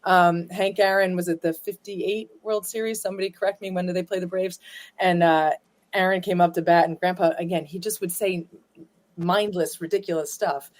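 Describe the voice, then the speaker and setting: A woman's voice: lowish voice, steady tone, normal speed. A woman being interviewed, telling family stories in a chatty, rambling way with many fillers and restarts. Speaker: guest, granddaughter of a former ballplayer. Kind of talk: casual storytelling interview.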